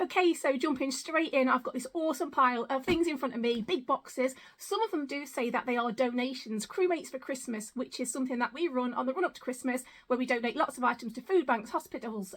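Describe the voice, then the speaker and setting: A woman in her thirties, chatting excitedly as she unboxes parcels on her vlog and counts the items out loud. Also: on the high side. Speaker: vlogger.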